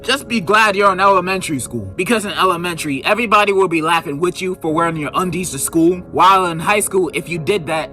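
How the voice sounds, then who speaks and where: High, animated man doing mock-outraged commentary. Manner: mock-outraged, sarcastic, exaggerated. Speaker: video narrator reviewing a book. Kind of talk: comedic scripted commentary.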